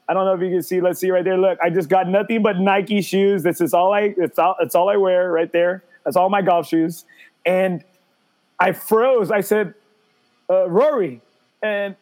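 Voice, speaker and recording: A man who hosts a podcast. He tells an animated, self-mocking story in casual chat. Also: high-pitched. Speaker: podcast host.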